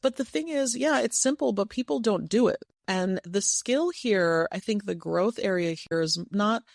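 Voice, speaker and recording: A podcast host giving gentle, reflective relationship advice in a monologue, now and then playful. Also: mid-range voice, normal speed, gravelly, no room sound, clean studio sound. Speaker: podcast host and couples coach.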